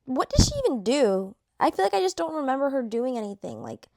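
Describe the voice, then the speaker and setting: A woman's voice: high-pitched, sing-song, brisk, noisy background. A young woman chatting casually to camera while ranking reality show contestants, full of fillers and slang.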